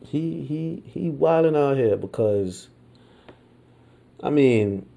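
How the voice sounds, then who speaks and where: An American man hosts a podcast, his mid-range voice creaky and dark yet lively in intonation. He rambles slowly through his opinions with plenty of fillers, restarts, and relaxed slang.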